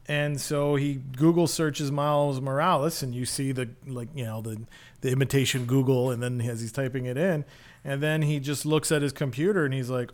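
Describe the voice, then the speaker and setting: A man's voice: mid-range voice, fairly even intonation, normal speed. A man co-hosting a podcast in casual chat, talking in an enthusiastic, rambling way with many fillers. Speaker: podcast co-host.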